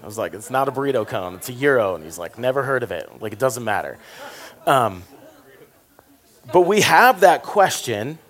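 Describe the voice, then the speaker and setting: A man from the South, preaching a sermon in a conversational, jokey way, dropping to quiet asides and rising to loud emphasis. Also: lowish voice, lively intonation, fast. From American South. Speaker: pastor.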